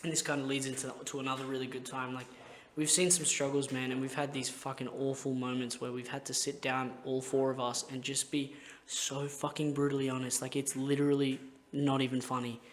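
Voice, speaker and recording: A man's voice: medium pitch, little pitch movement, brisk, a little hiss or hum. A young man hosting a podcast, telling rambling, heartfelt stories in casual chat and swearing constantly. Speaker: podcast host.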